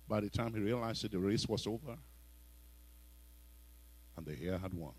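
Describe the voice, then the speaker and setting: A man with a Nigerian accent preaching a sermon, telling stories and breaking into sudden loud exhortations. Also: on the low side, normal speed, long pauses, slightly rough, poor audio.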